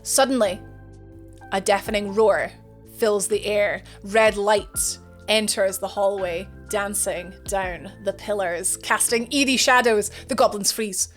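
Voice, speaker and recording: A woman streamer retelling a fantasy story with animated, chatty narration, slangy asides and self-corrections. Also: mid-range voice, takes it slowly, soft background music. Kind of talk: casual dramatic retelling of a story.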